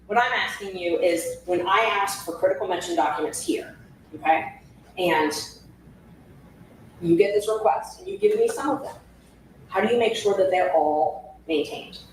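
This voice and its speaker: A woman's voice: mid-range voice, big pitch swings, normal speed. A woman questioning a witness in court, persistent and rephrasing her questions. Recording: echoey room audio from far off, faint hiss.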